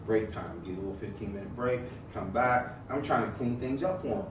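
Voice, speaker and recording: This medium-pitched pastor talks fairly quickly with few pauses and lively intonation, keeping his sermon conversational and funny with stories and prompts for the congregation to reply. It was captured in a church sanctuary by a distant, noisy mic with lots of room sound.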